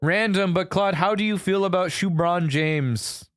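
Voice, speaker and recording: A man's voice: high voice, unhurried, no echo, studio quality, faint music behind. A male streamer in casual chat, laid-back and rambling with fillers, swearing and laughing often.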